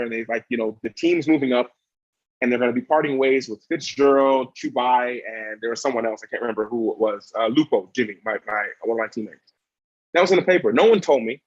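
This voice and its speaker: A man's voice: mid-range voice, dry recording. A man in his thirties telling a personal story as a motivational video, earnest and emphatic, repeating key phrases. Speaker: motivational YouTuber. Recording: dry, slightly dull sound.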